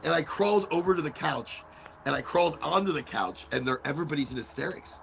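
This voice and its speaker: A man's voice: on the high side, fast talker, creaky, a little hiss or hum. A man hosting a casual chat show, telling stories with lots of acted-out quotes. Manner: animated storyteller, acts out quotes. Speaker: host.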